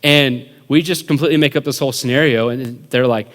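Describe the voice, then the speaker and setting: A man preaching to young adults, telling a story with lively, casual delivery and plenty of filler words. His voice rings out with a long reverb, as in a large church hall. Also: mid-range voice, fairly quick. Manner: animated storyteller, acts out quotes, many "like" fillers. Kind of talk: storytelling sermon.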